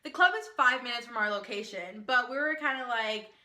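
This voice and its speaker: A young woman telling an excited storytime to her vlog viewers, talking fast with lots of "like" and acted-out quotes. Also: on the high side. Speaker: vlogger. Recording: echoey room.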